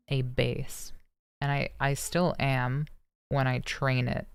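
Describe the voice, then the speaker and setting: A young adult streamer practicing a feminized voice after male puberty, chatting casually with many hesitant restarts and throat clearings. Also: mid-range voice, level tone, slow. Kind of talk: casual livestream chat.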